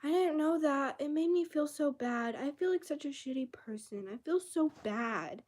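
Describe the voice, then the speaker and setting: A woman putting on a high, whiny voice to mock a self-pitying young woman. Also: expressive, moderate pace, a little mellow. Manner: mocking, exaggerated whimper.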